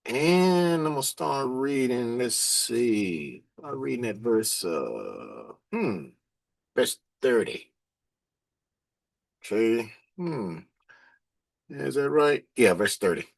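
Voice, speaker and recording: A man giving informal Bible teaching, reading verses slowly and then commenting on them in plain, emphatic talk. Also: medium pitch, sing-song, creaky.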